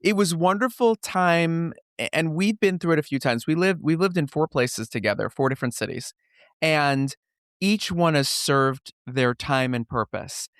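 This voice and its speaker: A man hosting an interview show, chatting casually and telling stories with lively, animated delivery. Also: a little high, normal speed, smooth, dry recording, studio quality. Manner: lively storyteller, acts out voices. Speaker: podcast host.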